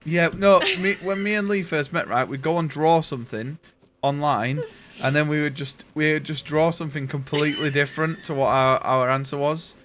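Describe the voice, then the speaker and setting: A man's voice: a little high, fairly even intonation, normal speed, fairly bright tone, slight background noise. A man hosting a live stream, bantering casually with his co-host and the viewers and swearing freely.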